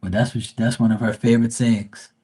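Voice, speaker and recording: A man's voice: mid-range voice, little pitch movement, fast talker, mellow, slightly rough. A man giving tarot readings on a casual live stream, joking, rambling and swearing freely.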